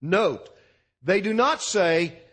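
A man's voice: sits high, lively intonation, slow pace, fairly bright tone, breathy edge. A male pastor preaching a sermon to a congregation with emphatic, punchy delivery and repeated lists.

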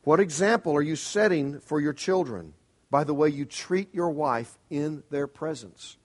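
A man's voice: a little high, measured pace, a little mellow. A middle-aged man preaching a sermon as pastor, earnest and emphatic, pressing his congregation with pointed rhetorical questions.

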